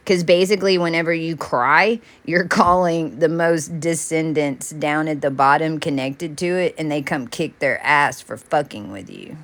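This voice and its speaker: A woman's voice: sits low, moderate pace, few pauses, a bit bright. A woman delivering a rambling spiritual monologue as a self-styled channeler, intense, repetitive and often profane.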